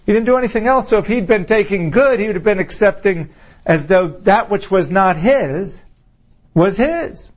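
A man preaching an informal sermon to his fellowship, conversational, full of rhetorical questions, slowing down for emphasis. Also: sits high, lively intonation. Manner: conversational, rhetorical questions, swings between slow emphasis and quick asides.

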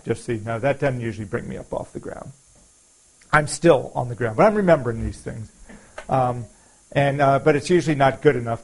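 A man's voice: mid-range voice, rough recording. A man preaching a sermon in an earnest, confessional way, quoting scripture and repeating phrases for emphasis.

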